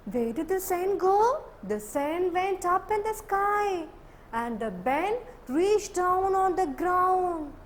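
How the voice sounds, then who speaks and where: A woman's voice: very high voice, lively intonation, slow, slight background noise. A woman teacher telling a story to young children in a sing-song way, often asking them questions. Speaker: primary school teacher.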